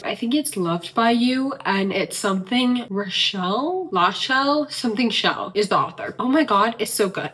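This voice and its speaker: A woman's voice: medium pitch, a bit bright. A young Southern woman talks through her reading week in a loose, chatty vlog voice. She gushes and rambles, peppering her sentences with fillers as she goes. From the American South. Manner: chatty and gushing, lots of "like". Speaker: book vlogger. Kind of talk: casual reading vlog chat.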